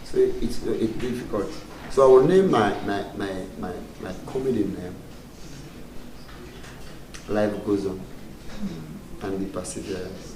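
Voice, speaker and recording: A man's voice: on the low side, a little slow, pauses often. Comedian guy, chuckles a lot, sounds far from the mic in an echoey room. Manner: laughs often, broken pidgin-tinged phrasing. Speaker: comedian guest. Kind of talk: casual interview chat. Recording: roomy sound from far off, faint background noise.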